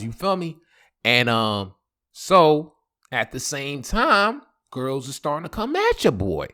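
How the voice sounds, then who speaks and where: Guy telling a storytime, super lively voice, jumps way up quoting people, laughs a bunch. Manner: animated, jumps high when quoting others, laughs often. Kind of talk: casual storytime monologue.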